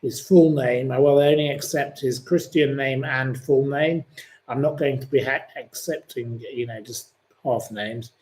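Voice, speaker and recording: A man's voice: mid-range voice, steady tone, measured pace, a little mellow. A man hosting a live-stream quiz, chatting in a rambling, opinionated way between questions. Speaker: livestream host.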